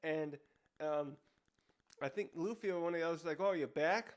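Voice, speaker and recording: A man's voice: on the high side, a little fast, darkish tone, smooth. A man casually reviewing a comic chapter, rambling with many restarts and fillers. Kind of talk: casual commentary.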